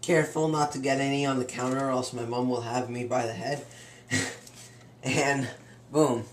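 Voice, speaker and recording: In a roomy home kitchen full of faintly clattering dishes, cutlery and pans, a young man hams up a cooking demo like a comic cooking show host, playful, boastful and chatty. His medium-pitched voice is fairly even at normal speed, with a little hiss or hum.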